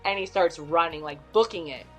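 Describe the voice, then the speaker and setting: A middle-aged woman with a Midwestern American accent, a podcast guest telling a story in an animated, chatty way. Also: fairly low pitch, a little fast, soft background music. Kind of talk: casual storytelling.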